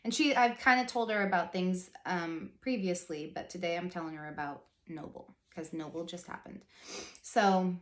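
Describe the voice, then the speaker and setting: A woman's voice: fairly low pitch, normal speed, roomy sound. A woman in her thirties telling a personal faith story in a casual, rambling vlog style, full of "like" and earnest asides. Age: 30s. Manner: chatty, rambling, heavy use of "like", earnest. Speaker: faith vlogger.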